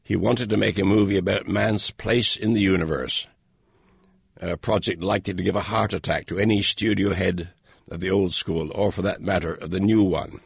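An older man with a gravelly, husky voice reads his own foreword with dry, wry humor. He sits low in pitch and takes his time, and the recording is close and dead, with no room sound at all. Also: fairly even intonation, normal speed, no room sound. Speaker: author reading his own introduction. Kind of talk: read-aloud personal foreword.

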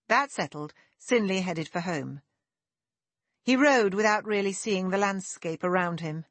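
A woman narrating a period novel in a measured, even storytelling manner, recorded on a close mic. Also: medium pitch, dry recording. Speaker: audiobook narrator. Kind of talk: scripted narration.

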